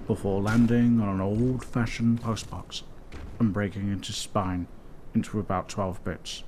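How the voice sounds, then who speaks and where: A man telling a comic story in deadpan, mock-epic narration, with music behind. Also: lowish voice, measured pace, a little hiss or hum.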